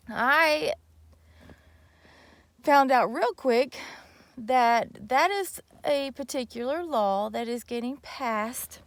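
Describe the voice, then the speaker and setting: A woman's voice: high voice, no echo. A young woman vlogger telling a story casually and animatedly, with many fillers and restarts.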